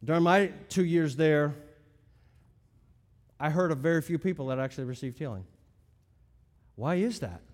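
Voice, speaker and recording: A middle-aged man preaching a teaching sermon, stressing key words loudly and dropping into quiet asides. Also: on the high side, expressive, normal speed, pauses often, big-room sound. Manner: emphatic, swings between loud stresses and quiet asides. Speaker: pastor.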